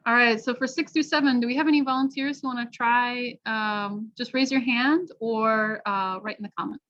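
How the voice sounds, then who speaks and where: An American woman teaching an online pronunciation workshop, encouraging and explaining clearly with examples. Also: fairly high pitch, steady tone, moderate pace, fairly bright tone. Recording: dull lo-fi video call audio.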